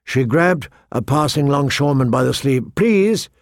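A man narrating a fantasy audiobook in a steady, measured storytelling voice. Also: mid-range voice, dry recording, clean studio sound.

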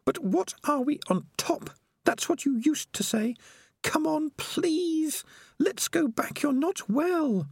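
Male narrator playing a timid young female rat: high, gentle, pleading falsetto. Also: animated, slow pace, dry recording, heavily acted.

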